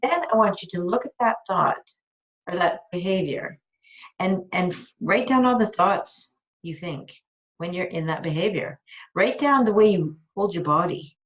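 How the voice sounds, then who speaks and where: Woman life coach, lower register, upbeat and blunt with casual swearing, dull lo-fi call audio. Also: expressive, unhurried. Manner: enthusiastic, frank, swears casually. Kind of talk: live coaching call, answering a listener's question. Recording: dull lo-fi recording.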